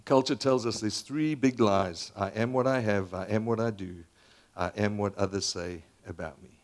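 Older male pastor in his sixties, conversational sermon, swings from loud to hushed. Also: on the low side, moderate pace. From Zambia. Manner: animated and conversational, with dramatic volume swings down to near whispers.

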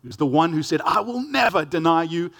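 A South African man preaching from the pulpit, his voice sitting a little higher than most men's. He reads scripture and then eases into earnest, conversational storytelling, with touches of gentle humor. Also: expressive, brisk, gravelly. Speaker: pastor. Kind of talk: sermon.

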